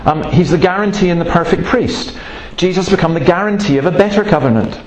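A man's voice: high-pitched, a little fast, a little hiss or hum. A man preaching a sermon in an earnest, emphatic way, breaking off to tell stories. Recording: roomy, echoey room sound.

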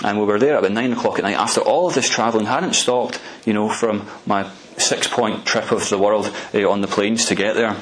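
A man's voice: fairly low pitch, fairly even intonation, a little fast, few pauses, rough recording. A man preaching a storytelling sermon in a conversational way, often restarting and repeating words.

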